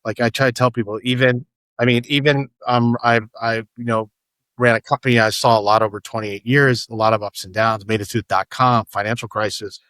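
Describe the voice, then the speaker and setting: A middle-aged man talking in an easy, conversational way, looping back and repeating words as he tells stories. His voice sits at an ordinary male pitch. The sound is dry and close. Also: steady tone, brisk, a bit bright, no echo. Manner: rambling storyteller, many restarts and repeated words. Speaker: startup founder guest. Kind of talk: casual podcast conversation.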